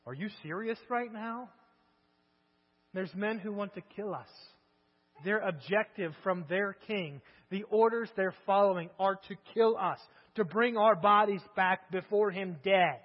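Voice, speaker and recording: A man's voice: high-pitched, a little slow. A male preacher giving a sermon, telling the story in a conversational way with many rhetorical questions. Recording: echoey hall, dull lo-fi sound, mains hum.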